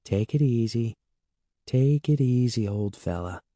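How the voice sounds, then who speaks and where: A man reading aloud and voicing a young boy who talks softly to his dog and yells when alarmed in a storybook. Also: medium pitch, lively intonation, unhurried, no room sound, clean studio sound, close to an everyday voice. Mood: gentle. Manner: soft and gentle at rest, yelling when alarmed.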